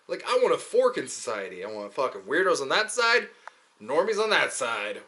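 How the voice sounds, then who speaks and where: A man's voice: mid-range voice, very animated, moderate pace, sharp tone. A young man talking in a rambling, profane, joking way, often slipping into mocking quoted voices. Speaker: podcast host. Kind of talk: casual rambling monologue.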